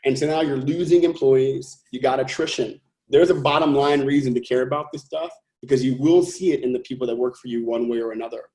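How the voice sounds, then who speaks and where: A man's voice: medium pitch, steady tone, brisk, hardly any pauses, warm tone. A man from California, a company founder being interviewed, talking earnestly and emphatically and thinking aloud with restarts. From California, USA. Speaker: company founder and CEO, guest. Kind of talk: podcast interview. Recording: roomy echo.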